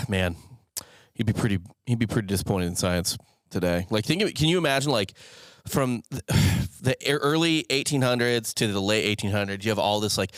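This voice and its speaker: A man's voice: fairly low pitch, fairly even intonation, fairly quick, no room sound. A man co-hosting a casual podcast, rambling wryly into jokes. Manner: rambling, wry, trails into jokes. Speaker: podcast co-host. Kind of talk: casual chat.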